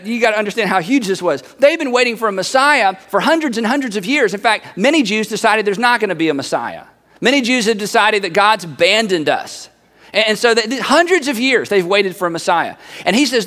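A man preaching a sermon, telling the story with lively, acted-out quoted voices. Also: high voice, a little fast, long reverb tail. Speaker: pastor.

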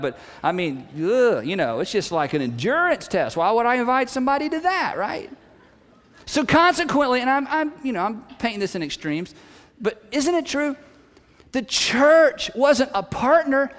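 Animated high-voiced man preaching in a hall. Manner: animated, conversational, self-deprecating humor. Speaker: pastor. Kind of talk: sermon.

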